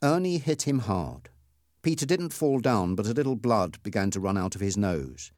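A man's voice: lowish voice, expressive, a little mellow, no room sound, studio quality. A man reading a story aloud as narrator, in scripted storybook narration. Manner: slow, clearly paced reading.

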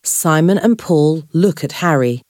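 A woman reads a simple storybook aloud in a slow, clear way. Her voice sits low yet moves expressively. The recording is dry and close. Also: animated, darkish tone, no room sound. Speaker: narrator. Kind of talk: scripted graded-reader narration.

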